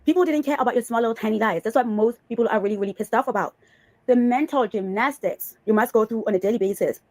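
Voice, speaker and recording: Woman, reaction commentary host, quick talker, sarcastic, scolding, slightly high voice. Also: darkish tone. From Bali. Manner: scolding, sarcastic, calls people honey.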